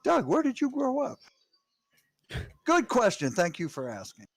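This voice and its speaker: A man from Massachusetts streaming in casual chat, meandering and halting as he talks. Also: extremely high pitch, huge pitch swings, no echo. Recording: loud background noise.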